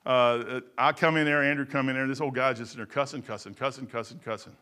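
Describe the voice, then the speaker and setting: A middle-aged man preaching a sermon in a folksy, emphatic way, swinging from loud to low. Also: fairly even intonation, fast, clean tone.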